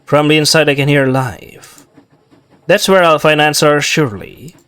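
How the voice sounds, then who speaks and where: A man's voice: fairly high pitch, normal speed, fairly bright tone, clear, resonant tone. Young man casually reading a game aloud. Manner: chatty, self-mocking asides. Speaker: gamer reading a visual novel aloud. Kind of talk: casual let's play commentary.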